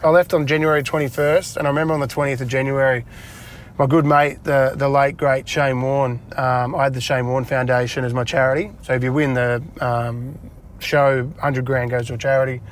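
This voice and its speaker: Brief: Australian man, medium pitch, chatty storyteller, laughs a lot, faint car noise behind. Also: flat delivery, a little fast. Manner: chatty, laughs often, acts out dialogue in a raised voice. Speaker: interview guest, retired footballer. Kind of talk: casual storytelling interview. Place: inside a parked car.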